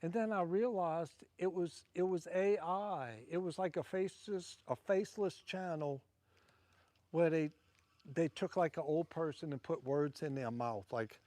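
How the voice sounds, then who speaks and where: A man's voice: a little high, measured pace, mellow, no echo. A man with a Southern Louisiana accent chatting casually to livestream viewers while fishing from a wharf at night, rambling between casts.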